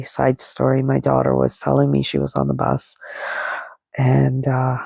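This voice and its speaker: A woman's voice: very deep voice, vocal fry, dark tone, no echo, studio quality. A middle-aged woman hosting a solo podcast who talks in a casual, rambling way. She fills her talk with "like" and other fillers and laughs lightly at herself. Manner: rambling and chatty, full of "like" and fillers. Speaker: podcast host.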